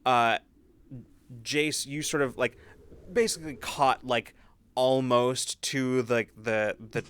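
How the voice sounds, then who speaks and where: A man's voice: mid-range voice, steady tone, slow pace, a bit bright, smooth. A man narrating as game master of a tabletop game, rambling with many fillers and restarts.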